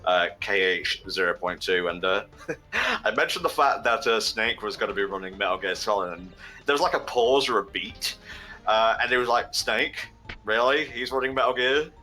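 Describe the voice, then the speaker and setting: A man's voice: on the low side, expressive, normal speed, sharp tone, soft background music. A man on a charity game stream, reading out donations and chatting casually, swearing now and then. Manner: swears freely, reads out donations, laughs often. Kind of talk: casual live-stream chat.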